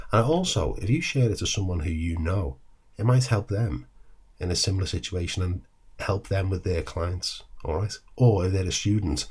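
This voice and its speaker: A man's voice: sits low, a little mellow, slightly rough. A man teaching counselling skills to camera in a conversational way, often checking in with his listeners. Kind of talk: direct-to-camera teaching talk.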